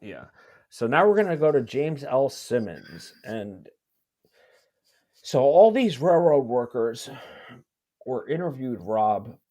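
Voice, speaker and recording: A man's voice: mid-range voice, big pitch swings, warm tone. A man hosting a podcast, reading testimony from documents aloud and adding commentary, with frequent halts and restarts. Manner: halting, many restarts while reading documents. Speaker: podcast host.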